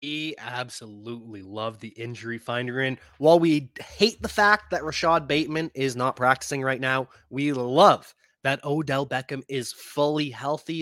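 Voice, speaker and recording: Male fantasy football podcast host, bright and forceful tone, close dry mic, casual animated delivery. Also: mid-range voice, no echo. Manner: animated, laughs at his own points. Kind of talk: casual sports talk.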